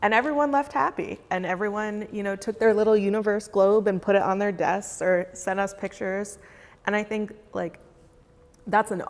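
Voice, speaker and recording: A woman's voice: medium pitch, moderate pace, long reverb tail. A woman, a foundation fellow, chatting casually in a roundtable and acting out her past self as she tells stories. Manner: animated storyteller, acts out her past self.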